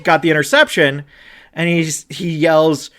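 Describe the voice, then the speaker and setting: A young man hosting a casual podcast, ranting with animated outbursts, swearing, and swinging between loud shouts and low muttering. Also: a little slow. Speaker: podcast co-host.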